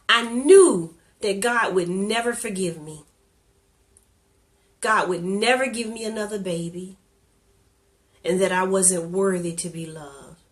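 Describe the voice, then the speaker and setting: A woman sharing a personal testimony in candid, conversational storytelling, earnest and openly emotional. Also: mid-range voice.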